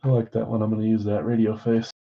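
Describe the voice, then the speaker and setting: A man hosting a live card-break stream in casual chat, rattling off names and teams, swinging between loud calls and quiet asides. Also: on the low side, monotone, quick pace, gravelly, muffled recording.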